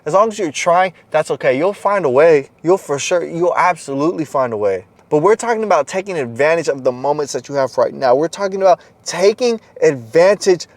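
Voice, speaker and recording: Man, motivational speaker, blunt and profane, fairly high voice, dry close sound. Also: lively intonation, brisk, hardly any pauses, dry recording. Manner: intense, blunt and profane, urging the listener; swings between loud exhortation and low, quiet stretches. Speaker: motivational content creator. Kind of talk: motivational monologue.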